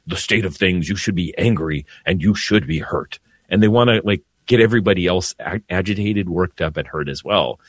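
A man, a priest co-hosting a Catholic radio talk show, speaking calmly and earnestly, often dropping his voice to soothe. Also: moderate pace, few pauses, slightly rough, no room sound. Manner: calm, lowers voice to soothe, earnest.

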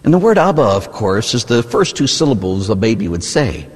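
Husky American priest preaching with lively pitch. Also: male voice, a little fast, long reverb tail. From United States. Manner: earnest, conversational preaching with rhetorical "huh?". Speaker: Catholic priest. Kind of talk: sermon.

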